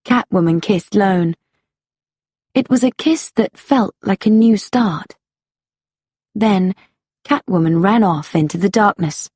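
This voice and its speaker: A woman reads a story aloud for learners at a very slow, measured pace. Her voice is soft and breathy, and the recording is close and dry. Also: medium pitch, dry recording. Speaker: narrator.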